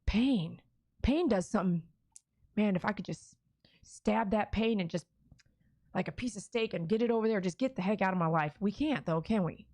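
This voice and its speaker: A woman's voice: mid-range voice, normal speed, darkish tone, no echo. A woman talking frankly on a live stream, reading viewers' comments aloud and answering them in a blunt, earnest and emotional way. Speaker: dog trainer streamer.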